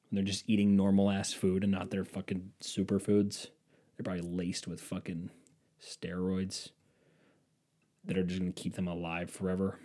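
A man's voice: deep voice, completely flat delivery, moderate pace, dark tone. A man rambling casually as a podcast host, sarcastic and profane. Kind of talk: casual chat.

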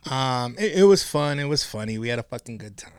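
A man's voice: mid-range voice, fairly quick, smooth, no echo, studio quality. A man hosting a casual, profane podcast chat, retelling a story and acting out the quoted people. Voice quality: animated, acts out quoted voices. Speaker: podcast host.

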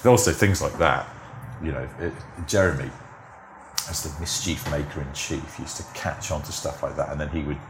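Deep-voiced man, middle-aged, chatty storyteller, roomy echo, faint hiss. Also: fairly even intonation, normal speed. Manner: chatty anecdotes, acts out quoted voices, frequent laughs. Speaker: podcast guest, TV script editor. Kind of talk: casual conversational interview.

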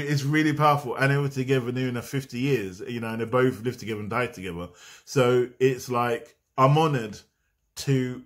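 A man giving a casual, meandering spiritual talk to camera. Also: mid-range voice. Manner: meandering, conversational, drifting off on tangents. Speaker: spiritual vlogger.

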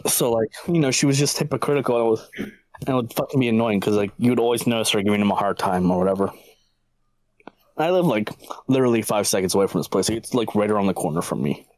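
A man's voice: mid-range voice, no room sound, poor audio. A man on a casual podcast, telling a crude work story full of profanity and laughter. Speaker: podcast co-host.

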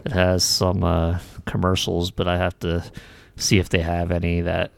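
A man co-hosting a podcast in relaxed, rambling casual chat. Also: low voice, moderate pace, gravelly, smooth, no room sound. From Philadelphia area. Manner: relaxed, rambling, many fillers. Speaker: podcast co-host.

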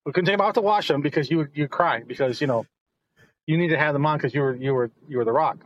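A middle-aged man with a fairly high voice tells old family stories in a loose, rambling way, circling back and repeating himself. His audio sounds dull and lo-fi, with a dry, close feel. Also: fast talker, no echo. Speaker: guest, host's father. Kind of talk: casual storytelling.

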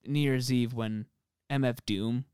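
Young male podcast co-host, rambling and profane, smooth voice, dry mic. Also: mid-range voice, fairly even intonation, measured pace, darkish tone, no room sound. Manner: rambling, filler-heavy, swears often. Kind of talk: casual chat.

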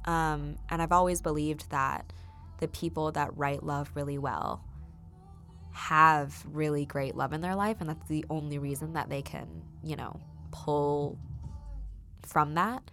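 A woman's voice: low-pitched, fairly even intonation, unhurried, faint music behind. A young woman hosting a casual solo podcast, chatty and full of ums as she tells stories. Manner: chatty and warm, many ums, laughs while telling stories. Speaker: podcast host.

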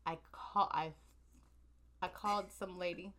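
A woman, co-hosting a podcast and telling a long, profane story in a loose, animated way. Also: fairly low pitch, a little slow. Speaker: podcast co-host. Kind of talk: casual storytelling chat.

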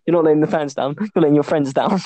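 A young man hosting a casual podcast, telling lively stories, often laughing and acting out the voices of the people in them. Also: fairly high pitch, quick pace, no room sound. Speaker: podcast host. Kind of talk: casual chat.

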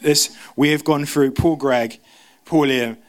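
A man preaching a sermon, talking fast with frequent restarts and stumbles. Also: a little high, fairly even intonation. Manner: fast, stumbling, self-interrupting.

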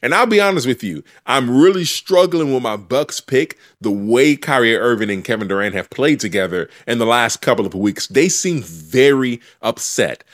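Hosting a sports podcast, a man argues his picks in an opinionated, teasing manner, a casual sports debate. His voice is medium in pitch and slightly bright.

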